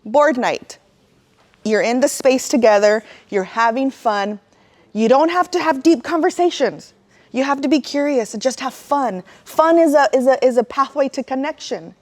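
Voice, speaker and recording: A woman's voice: high voice, expressive, normal speed, darkish tone. A middle-aged woman giving a casual, heartfelt talk to parents, full of "right?" and emotional asides.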